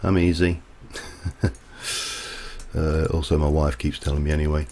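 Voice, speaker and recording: A very deep, mellow male voice holds a level tone at normal speed, with slight background noise. The speaker, a livestreamer, chats casually as he plays, rambling and digressing into side stories while he works.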